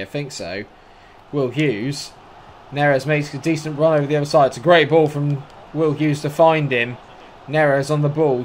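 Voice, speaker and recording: A young man commentating his own football video game, muttering through play and shouting when goals go in. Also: medium pitch. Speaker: gaming YouTuber.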